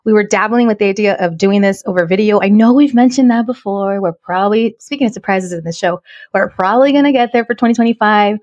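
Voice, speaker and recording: A woman's voice: medium pitch, fast talker, a little mellow, muffled recording. A woman in her thirties hosting a podcast, chatty and upbeat, teasing her co-hosts and slipping into Spanish. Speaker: podcast co-host. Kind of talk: casual chat.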